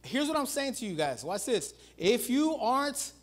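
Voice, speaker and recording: A pastor preaching a sermon in an animated way, calling out to the congregation and swinging between loud calls and low, quiet emphasis. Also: male voice, normal speed. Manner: animated preaching, repeats "watch this" and "guys".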